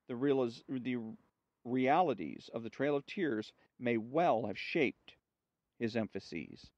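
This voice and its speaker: A man reading a story aloud in a slow, measured way, with small slips now and then, on a dull dry recording. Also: mid-range voice, darkish tone, dry recording.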